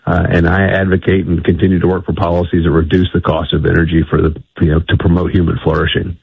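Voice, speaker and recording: A man's voice: sits low, level tone, fast talker, vocal fry, breathy edge, no echo. A man being interviewed on the radio over the phone, talking emphatically and often restarting his sentences. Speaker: energy policy guest. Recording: tinny phone line.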